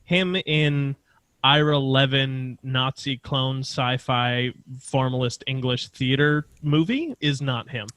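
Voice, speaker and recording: A man co-hosting a casual film discussion podcast, talking with animated emphasis and swearing now and then. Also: medium pitch, clear, resonant tone, no echo. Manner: animated, swearing, quick asides. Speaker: podcast co-host.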